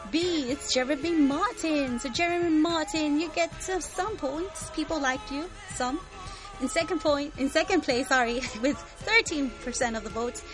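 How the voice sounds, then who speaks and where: A woman's voice: sits high, low-quality recording. A bubbly, giggly woman co-hosting a podcast, chatting casually about a book series and reading out listener comments. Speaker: podcast co-host.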